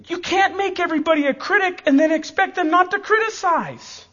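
A man in his forties preaching a sermon in an animated, emphatic, joking way. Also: very high voice, brisk, few pauses, long reverb tail, dull audio.

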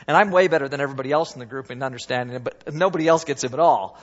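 Man preaching, husky voice, lively rising and falling delivery, long church reverb, dull lo-fi sound. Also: a little high, rapid-fire, hardly any pauses. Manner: animated, emphatic preaching with sudden rises and soft drops. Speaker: pastor. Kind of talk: sermon. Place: church sanctuary.

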